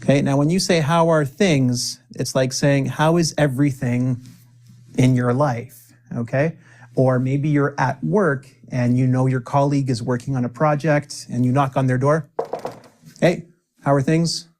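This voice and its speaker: A man teaching an English lesson, upbeat and encouraging, saying example phrases slowly and clearly for learners to repeat. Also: medium pitch, fairly even intonation, a little mellow.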